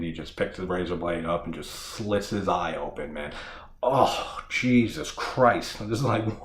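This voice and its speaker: Deep-voiced man rambling through a horror recap. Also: a bit bright. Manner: rambling, heavy swearing, frequent laughter and filler words. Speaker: horror film reviewer, channel host. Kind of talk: casual spoken film recap. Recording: echoey room with faint background noise.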